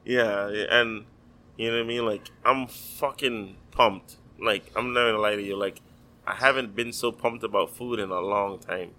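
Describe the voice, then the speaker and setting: A man's voice: fairly low pitch, steady tone, normal speed, pushed and bright, low-quality recording. A man from the Virgin Islands, a chef, chatting casually in a loose, profane way full of fillers. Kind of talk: casual chat.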